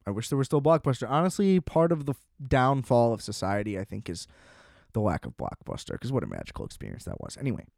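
A man's voice: medium pitch, sing-song, fast, creaky, a little mellow, dry recording, clean studio sound. A man in his twenties giving a casual, sarcastic movie review, scoffing and swearing freely as he rants. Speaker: film reviewer.

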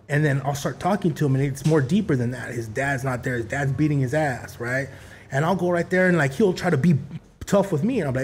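A man, a podcast guest who chats casually, full of profanity and street slang, animated. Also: a little high, a little fast. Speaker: podcast guest, behavioral interventionist.

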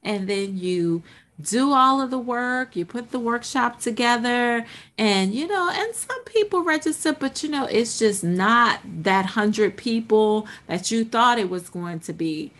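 A woman hosting a podcast, giving an animated motivational monologue that acts out inner voices and keeps checking in with "right?". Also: fairly high pitch, a little slow. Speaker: podcast host.

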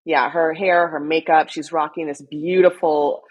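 A young woman co-hosting a casual fashion chat, excitable and animated, squealing when she gets excited. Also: sits low, a little slow, slightly rough. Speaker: co-host.

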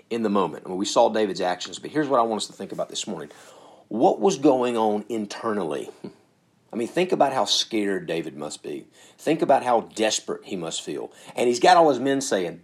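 A man's voice: on the low side, very animated, normal speed, breathy edge. A man preaching a sermon in an earnest, conversational way, building to emphatic peaks.

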